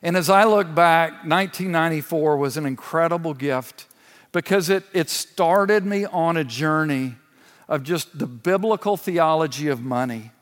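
A man's voice: on the high side, normal speed. A man in his sixties, a church elder, giving a sermon as an earnest personal testimony with touches of laughter. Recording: long hall reverb.

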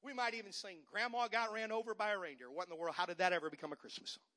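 A middle-aged man preaching a sermon as pastor, moving from quiet talk to shouted, fiery preaching. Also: high voice, very fast. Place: church sanctuary.

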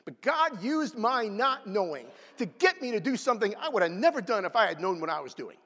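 A man preaching a sermon, swinging between loud outbursts and hushed, quiet asides. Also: high-pitched, sing-song, fairly quick. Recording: long hall reverb.

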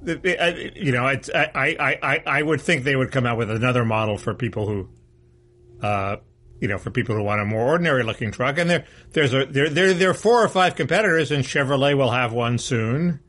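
A man's voice: medium pitch, animated, brisk, a bit bright. A man co-hosting a casual political podcast, talking bluntly and restarting his sentences often. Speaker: co-host.

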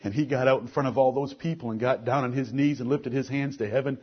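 A middle-aged man preaching a sermon, earnest, moving between soft asides and forceful lines. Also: mid-range voice, fairly even intonation, fast talker, slightly rough, dull audio.

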